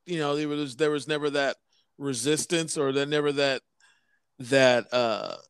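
A man in casual chat who talks haltingly, restarting his sentences. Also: medium pitch, steady tone, clean tone, dry recording, studio quality.

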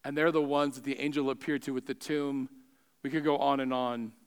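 A man preaching a sermon with emphatic delivery that swings between raised exclamations and hushed asides. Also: medium pitch, little pitch movement, brisk, clear, resonant tone.

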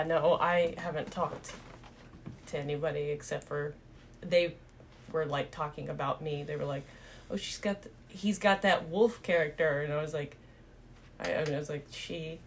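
A woman co-hosting a podcast in casual chat, relaxed and laughing along. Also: deep voice, slight background noise. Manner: chatty, laid-back, quick to laugh along. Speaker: podcast co-host.

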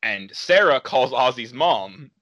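A young man hosting a casual podcast, his voice bright and forward. He rambles through a story and acts out the voices of the people in it. The sound is close and dry, with no room around it. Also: medium pitch, lively intonation, takes it slowly, no room sound, highs cut off. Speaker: podcast host.

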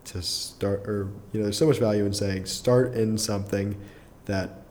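Young adult male guest, low mellow voice, casual rambling storyteller, chuckles often. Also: steady tone, normal speed, a little hiss or hum. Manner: rambling, filler-heavy, restarts often, chuckles through his story. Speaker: podcast guest. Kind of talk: casual personal storytelling in an interview.

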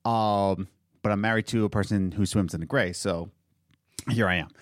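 A man's voice: lowish voice, fairly even intonation, normal speed, dry recording, studio quality. A man co-hosting a casual talk show, speaking in a heated, rambling way with many restarts. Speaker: podcast co-host. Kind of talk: casual opinionated chat.

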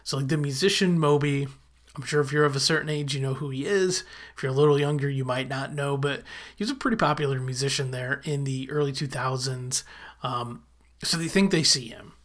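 A chatty recapper retelling a sitcom episode in a casual, animated way, quickly acting out short quoted lines. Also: mid-range voice.

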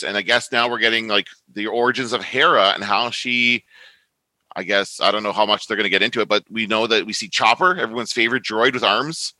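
A man's voice: mid-range voice, sharp tone, dry recording, rough recording. A man from Canada, co-hosting a podcast in casual chat, rambling and correcting himself as he goes. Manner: rambling, self-correcting, chatty. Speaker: podcast co-host.

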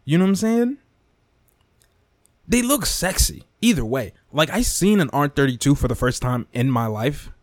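A young man on a podcast, talking off the cuff in a loose, profane rant. His pitch leaps all over the place as he gets worked up, and the sound is close and dry with no room around it. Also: moderate pace, dry recording. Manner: animated, profane, repetitive, swings into mock whispers and impressions. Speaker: podcast host. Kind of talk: casual rant monologue.

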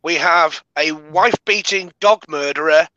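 A man's voice: on the high side, measured pace, pushed and bright, no room sound. A man co-hosting a podcast, chiming in with agreement and tag questions. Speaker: co-host. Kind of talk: podcast banter. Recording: dull lo-fi audio.

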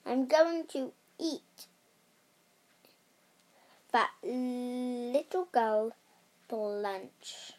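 A young reader voicing a wicked old witch who is hungry and menacing, with a shrill, demanding manner. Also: very slow, pauses often.

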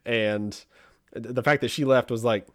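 A man telling a family story in casual chat, animated and acting out what people said, with a lot of restarts. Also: medium pitch, normal speed, no room sound, clean studio sound. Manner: animated, acts out quoted voices, frequent restarts.

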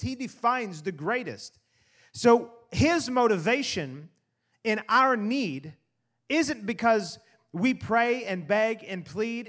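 A man preaching a sermon in an animated way, swinging from loud emphasis to quiet asides. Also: high-pitched. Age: adult parent. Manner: animated preaching, rising and dropping to soft asides. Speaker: pastor.

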